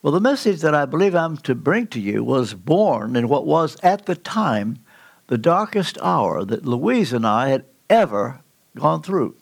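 Older man preaching, gravelly and lively. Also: fairly high pitch. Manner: earnest storytelling preacher, slow emphatic pauses. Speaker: pastor. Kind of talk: sermon. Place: church sanctuary.

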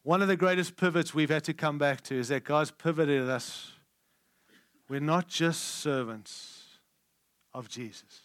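Guy preaching, pretty high voice, goes loud then real quiet, candid and chatty. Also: measured pace, no echo, clean studio sound. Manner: emphatic, shifting between loud and hushed; candid and conversational. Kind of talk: conference sermon.

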